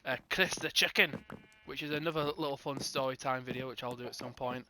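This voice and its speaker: A man's voice: medium pitch, steady tone, brisk, bright, forceful tone, a little hiss or hum. A young man casually telling a rambling gaming storytime, acting out both sides of the conversation. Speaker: gaming channel host.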